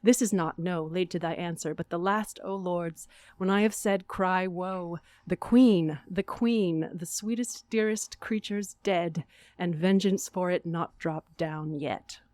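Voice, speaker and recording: A woman performing a grieving, furious noblewoman's speech from a stage tragedy, declaimed in her own low-set voice. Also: fairly even intonation, a little slow, darkish tone, no room sound, lightly acted. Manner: declaiming, rising and falling in force. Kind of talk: classical stage recitation.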